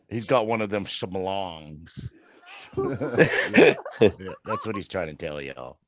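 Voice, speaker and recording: A man's voice: low-pitched, huge pitch swings, slow. A man with a cold, making laughing asides on a panel chat. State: has a cold. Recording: crowd noise behind.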